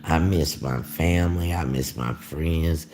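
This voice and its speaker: A man's voice: a bass voice, a little slow, darkish tone. A man chatting casually on a livestream, rambling with lots of fillers and cursing freely. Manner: rambling, profane, meandering with many fillers. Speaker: YouTuber on a livestream. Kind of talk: casual live-stream chat.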